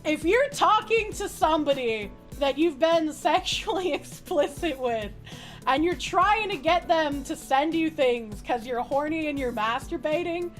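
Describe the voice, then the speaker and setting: A young woman streaming to her chat, reading messages aloud in lowered mock voices and giving candid, sarcastic commentary between bursts of laughter. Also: expressive, measured pace, soft background music. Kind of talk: live-stream reaction chat.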